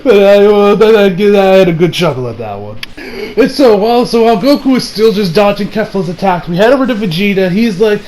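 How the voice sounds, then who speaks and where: Excitable high-voiced young man. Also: brisk, a little hiss or hum. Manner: excitable, profane, laughs often. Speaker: anime reviewer. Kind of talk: casual review vlog.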